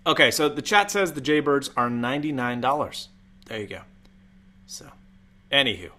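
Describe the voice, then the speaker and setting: A man hosting a casual live stream, talking in a chatty way with deliberate jumps up in pitch. He is from Utah and sits several feet from a USB mic in a room with a fan. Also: lively intonation, sharp tone. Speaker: tech live-stream host.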